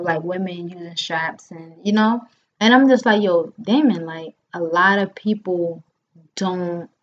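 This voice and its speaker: A woman in her thirties telling a story in casual chat, acting out the lines of the people in it and using many fillers. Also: fairly low pitch. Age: 30s. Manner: animated, acts out quotes, frequent fillers. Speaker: podcast host. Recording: dull lo-fi sound.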